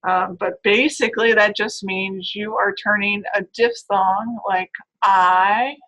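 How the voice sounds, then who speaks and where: A woman lectures on phonetics in a bright, clear voice. She explains patiently, often pausing to check in with her class before moving on. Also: mid-range voice, steady tone, low-quality recording. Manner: explanatory, with frequent "right?" and "all right".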